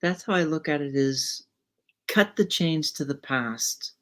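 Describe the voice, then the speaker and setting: A woman's voice: sits low, unhurried. A woman hosting a podcast, musing and telling stories in casual conversation, often restarting her phrases. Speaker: podcast host.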